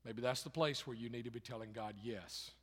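A pastor preaching a sermon in a conversational way, rising loud for emphasis and dropping quiet and low, repeating phrases. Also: male voice, steady tone, fairly quick. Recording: long hall reverb.

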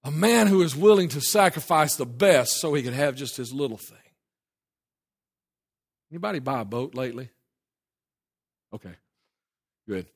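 A man preaching a sermon, emphatic and hurried, swinging between loud declarations and low asides. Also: animated, vocal fry, breathy edge. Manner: hurried, with restarts and asides to a helper. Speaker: pastor.

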